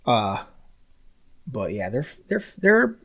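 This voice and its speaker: A man's voice: medium pitch, slow, vocal fry. A young man co-hosting a casual podcast, ranting about sports with swearing and mocking put-on quotes. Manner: animated, swearing, mocking impressions. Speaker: podcast co-host.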